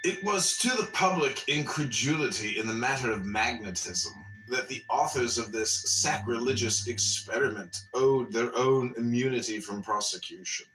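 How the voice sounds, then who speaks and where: Brief: a forceful, slightly high male host who is blunt and joking, heard through a distant mic. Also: echoey room, a little hiss or hum. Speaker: podcast host. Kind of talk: casual chat and story reading.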